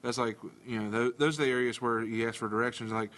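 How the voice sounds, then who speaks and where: Co-host type: a dry, hesitant man of middle pitch in easy chat. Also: fairly even intonation, quick pace, a bit bright. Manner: dry, hesitant, many uh fillers. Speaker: podcast co-host. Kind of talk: casual chat.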